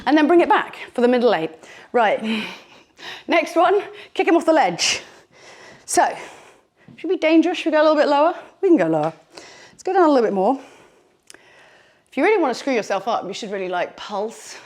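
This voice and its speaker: A woman fitness instructor talks through a bodyweight workout into a t-shirt clip-on mic, chatty, encouraging and jokey while slightly out of breath. Her high, darkish voice is sing-song and fairly quick, with frequent pauses.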